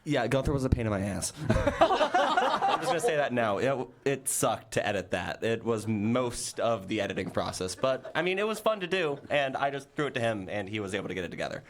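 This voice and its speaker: A man's voice: medium pitch, big pitch swings, brisk, slight background noise. A young man joking about the pain of editing a film, laughing as he talks. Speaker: film editor.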